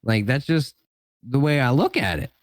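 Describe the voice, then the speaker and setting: A man's voice: mid-range voice, sing-song, normal speed, no echo. Rambling man in a dry, close recording. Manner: rambling, heavy use of "like" and "you know". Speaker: streamer, podcast guest. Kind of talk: casual podcast chat.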